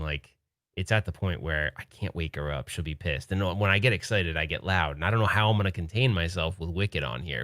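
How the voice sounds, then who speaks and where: A man's voice: deep voice, no room sound, clean studio sound. A man hosting a late-night livestream from home, chatting casually, joking and laughing while trying to keep his voice down. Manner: laughing, joking, excitable but hushed. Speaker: livestream host.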